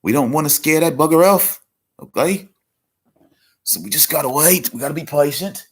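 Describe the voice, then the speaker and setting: A man voicing an excitable male wildlife-show host, talking in a hushed, urgent way and addressing the viewers as folks. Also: a little high, moderate pace, husky, voice pushed up. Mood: hushed excitement.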